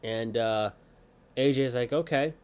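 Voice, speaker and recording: A young man hosting a casual wrestling review podcast. He talks at an unhurried, drawn-out pace in a mid-range voice, blunt and rambling, with the odd casual swear. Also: mid-range voice.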